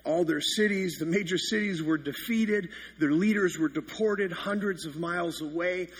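A man's voice: high-pitched, moderate pace, breathy edge. A man in his thirties, a pastor giving a sermon that opens with funny, self-mocking stories. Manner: self-deprecating storytelling with comic exaggeration.

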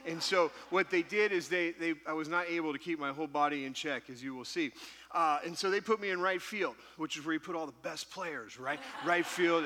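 A man delivers a sermon with a bright, forceful voice that sits a little high. He tells stories with an animated, self-deprecating humor. The sound carries a long hall reverb. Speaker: pastor.

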